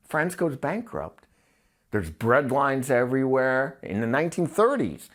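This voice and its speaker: A man in casual podcast talk, rambling and blunt, his voice climbing high when he gets worked up. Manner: crude, blunt wording.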